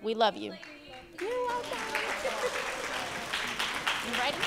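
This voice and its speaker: A woman's voice: on the high side, very animated, takes it slowly, a loud crowd, very noisy. A woman giving a heartfelt, earnest wedding toast as the bride's best friend, speaking at a wedding reception. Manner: heartfelt, earnest, faith-filled speech.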